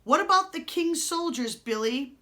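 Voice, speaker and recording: A woman voicing a nervous male outlaw sidekick who speaks in a higher, worried tone. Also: animated, moderate pace, pushed and bright, full character voice.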